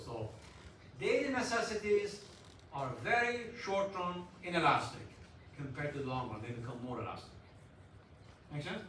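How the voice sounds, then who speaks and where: A man lecturing a university class in an animated way, putting questions to students and joking. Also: medium pitch, recorded from a distance. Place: lecture hall. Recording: echoey hall, voice from afar, faint noise.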